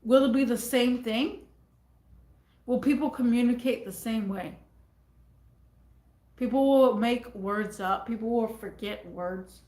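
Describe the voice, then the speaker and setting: A woman's voice: fairly high pitch, takes it slowly, long pauses, darkish tone. A woman vlogger talking casually to her viewers in a rambling way, often repeating her phrases. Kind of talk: casual talk to camera. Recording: echoey room.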